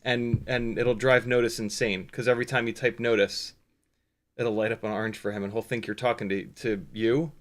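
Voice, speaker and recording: A man hosting a casual live stream, joking around, animated and swearing freely. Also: medium pitch, normal speed. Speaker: livestream host.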